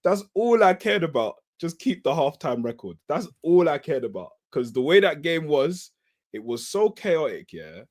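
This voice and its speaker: A man's voice: a little high, sing-song, moderate pace. A man joining a football chat, amused and laughing through his points. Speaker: guest fan.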